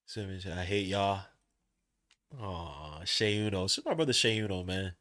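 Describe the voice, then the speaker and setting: A man hosting a live basketball watch-along stream, talking casually in slang, swinging between loud outbursts and low muttering. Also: moderate pace. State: tired, yawning. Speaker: podcast host doing a live watch-along. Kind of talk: casual live game commentary. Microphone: streaming setup mic.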